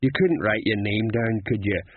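A man voicing a simple, excitable male troll guard with rough grammar, on a tinny recording. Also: lowish voice, moderate pace, a little hiss or hum, close to an everyday voice. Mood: starstruck. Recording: tinny lo-fi narrow sound.

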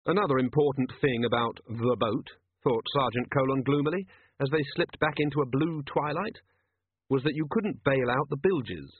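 Husky man narrating an audiobook. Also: mid-range voice, moderate pace. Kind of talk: audiobook narration doing character voices. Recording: tinny lo-fi dry recording.

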